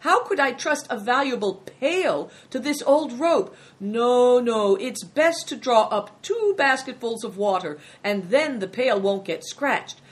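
A fawning, chatty male innkeeper, put on by a woman reading aloud, bowing and scraping as he rambles. His voice rides high and lively, bouncing through every phrase. An audiobook character voice, full of proverbs. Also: measured pace, few pauses. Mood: chattering. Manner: obsequious, rambling, proverb-spouting.

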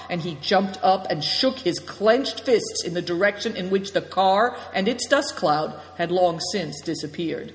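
A narrator reads a novel aloud in a steady, even way at a middle pitch. The recording carries a long reverb from an echoey room. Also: measured pace, hardly any pauses. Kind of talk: audiobook narration.

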